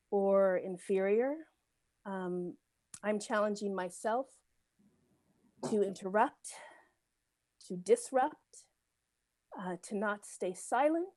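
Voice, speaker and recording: A middle-aged woman giving a personal testimony as a guest speaker at a synagogue service, earnest and measured, pausing often. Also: mid-range voice, no echo. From United States. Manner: earnest, measured, with frequent pauses and fillers.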